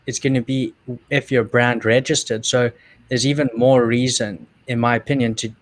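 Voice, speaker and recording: A man with a South African accent, co-hosting and explaining business steps in a calm, measured way. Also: mid-range voice. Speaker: co-host. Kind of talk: casual explanation.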